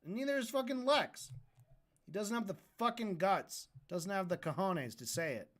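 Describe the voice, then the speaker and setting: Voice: medium pitch, expressive, normal speed. Profane ranting debate streamer. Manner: profane, mocking rant. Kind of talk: livestream debate reaction.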